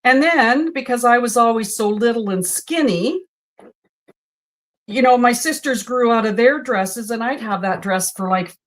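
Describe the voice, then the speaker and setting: A woman's voice: on the high side, unhurried. A woman in her sixties hosting a sewing stream, chatting in a storytelling way while she works. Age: 60s. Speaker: host. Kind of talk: casual chat while sewing.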